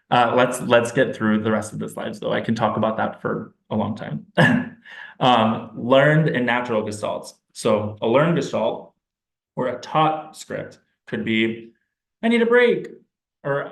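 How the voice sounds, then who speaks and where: A man speaks at a middle pitch, explaining his subject in a relaxed, informal teaching way. He pauses now and then to think aloud. The recording is roomy, with noticeable echo. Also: creaky. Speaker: speech-language pathologist presenting to parents.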